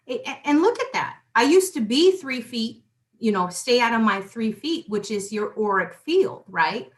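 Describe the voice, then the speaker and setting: A woman in casual spiritual chat, animated and repeating herself as she talks. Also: fairly high pitch. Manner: animated, repeats words, quick asides; former police worker talking spiritual tools.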